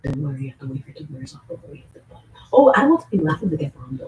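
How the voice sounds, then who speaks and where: Woman streamer, casual rant, profane, rambling, lively swinging pitch, dropping to whispers then loud bursts. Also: racing, a little hiss or hum, poor audio.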